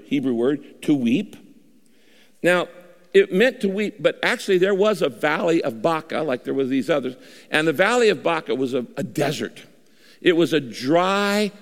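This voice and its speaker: A man preaches a sermon in a fairly high voice, leaning on dramatic pauses and swings of pitch. His words carry a long reverb, as in a big church auditorium. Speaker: pastor.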